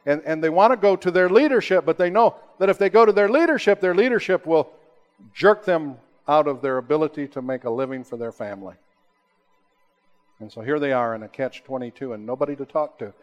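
A man preaching a sermon, rising to emphatic high peaks and then dropping to slow, hushed, low lines. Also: expressive, highs cut off. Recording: long hall reverb.

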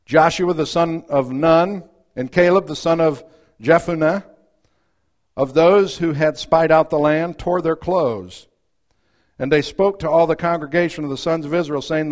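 A man with a high voice preaching a sermon. He reads scripture aloud and acts out the voices in it. He swings from loud, rising outbursts to quiet, hushed asides. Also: unhurried.

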